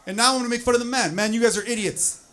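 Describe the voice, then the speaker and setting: High-voiced man doing stand-up. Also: racing. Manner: animated, swings into loud exasperated bits. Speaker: stand-up comedian. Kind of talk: stand-up comedy set. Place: comedy club stage with audience laughter. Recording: noisy live club recording.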